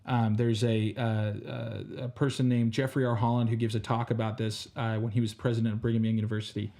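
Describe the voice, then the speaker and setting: A man's voice: fairly low pitch, flat delivery, brisk, dark tone. A young man co-hosting a casual podcast, speaking earnestly and motivationally with many fillers and restarts. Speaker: podcast co-host. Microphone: earphones with podcast mic.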